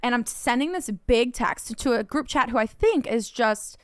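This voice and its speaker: A high, smooth-voiced young woman tells a story on a podcast, animated and loose, full of "like" and casual swearing. She is recorded close and dry, with no room sound around her. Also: moderate pace, no echo. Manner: animated, swearing often, heavy use of "like". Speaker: podcast co-host.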